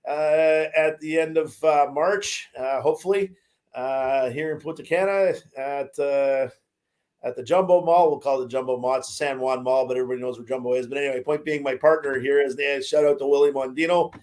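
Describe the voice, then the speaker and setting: A man's voice: medium pitch, steady tone, a little fast, darkish tone. A man co-hosting a casual sports chat, rambling with lots of fillers and restarts. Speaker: podcast co-host. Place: Caribbean, remote.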